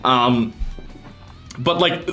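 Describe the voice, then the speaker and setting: A man's voice: mid-range voice, very slow, pushed and bright, faint music behind. A man streaming a game, chatting casually with his audience and friends in a rambling way full of fillers and restarts. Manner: talks to chat and friends, laughs often. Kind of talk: casual livestream chat while gaming.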